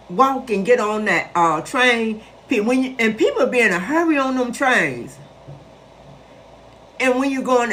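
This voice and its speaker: A woman's voice: on the high side, fairly bright tone, slight background noise. A woman in her sixties from Chicago, telling a story to her live viewers in a chatty, emphatic way. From west side of Chicago. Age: 60s. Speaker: host addressing live viewers. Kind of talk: casual live-stream storytelling.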